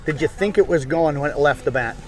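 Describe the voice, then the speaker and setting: A man's voice: a little high, quick pace. A man, a radio sports reporter, asking folksy postgame questions outdoors at a ballfield.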